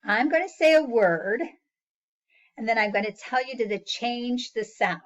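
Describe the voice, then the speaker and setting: A woman's voice: fairly high pitch, expressive, normal speed, dull audio. A woman teaching a phonics lesson to young children, patiently sounding out words and praising each answer.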